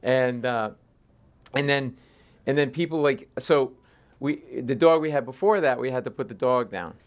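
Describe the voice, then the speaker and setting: A man, a comedian, telling animated stories in an interview and acting out voices in his anecdotes. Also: medium pitch, normal speed. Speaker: comedian guest. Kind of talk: storytelling interview chat.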